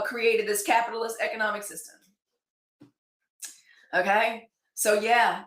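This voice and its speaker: A woman's voice: a little high, a bit bright. A woman in her forties hosting a daily live news show, talking casually and wandering off topic while thanking viewers by name. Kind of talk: casual livestream chat. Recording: echoey room.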